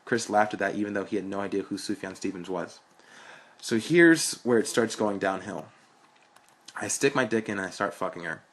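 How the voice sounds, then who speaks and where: A man's voice: fairly low pitch, normal speed. A young man reading a story aloud in a frank, blunt, profane way. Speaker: narrator.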